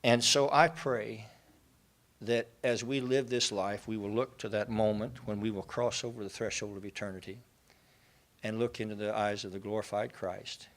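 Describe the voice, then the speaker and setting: A man's voice: lowish voice, flat delivery, normal speed. A man giving an inspirational faith talk, an earnest storyteller who builds to passionate lists. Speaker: speaker at a faith gathering.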